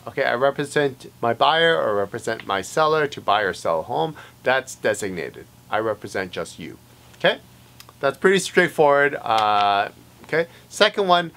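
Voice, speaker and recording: A man's voice: medium pitch, fairly bright tone. A man working as a realtor, explaining agency rules in a casual, conversational way, full of fillers and acted-out client exchanges. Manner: conversational, many fillers, acts out client dialogue. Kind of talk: casual explainer talk to camera.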